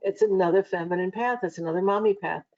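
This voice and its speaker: A woman's voice: mid-range voice, fast, darkish tone, dull audio. A woman hosting a live online psychic reading show, talking in a chatty, rambling way with many restarts. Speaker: psychic reader and show host.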